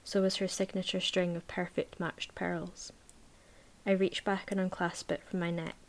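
A woman reading a novel aloud in a measured, even voice, then chatting casually about the book. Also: fairly low pitch. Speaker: book reviewer.

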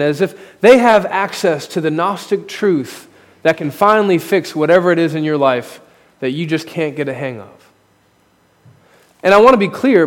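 Self-deprecating preacher in a reverberant church. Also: male voice, fairly high pitch. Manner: candid, self-deprecating preaching with rising emphasis. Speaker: pastor. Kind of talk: sermon. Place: church sanctuary. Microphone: podium microphone. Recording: long hall reverb.

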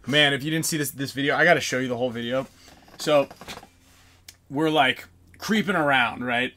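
A man hosting a podcast, telling a lively story in casual chat and acting out the people in it. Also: medium pitch, brisk, a little hiss or hum. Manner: animated storyteller, acts out voices, frequent laughs. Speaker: podcast host.

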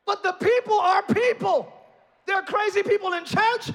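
A male pastor preaching in a church, his voice pitched very high and ringing bright and forceful. He swings from hushed, conversational asides into loud, climbing shouts and teasing humor aimed at the congregation. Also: moderate pace, some chatter behind. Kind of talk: sermon. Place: church sanctuary.

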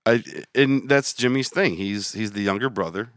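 Low-voiced guy cohosting a podcast, deadpan jokes, super dry recording. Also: normal speed, dry recording. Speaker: podcast co-host. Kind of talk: casual chat.

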